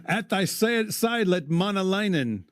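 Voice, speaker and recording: Male podcast co-host, mid-pitched, reads epic verse with flair and casual asides, dry close mic. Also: lively intonation, unhurried, fairly bright tone, smooth, no echo. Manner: dramatic recitation broken by wry asides. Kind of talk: reading an epic poem aloud with commentary.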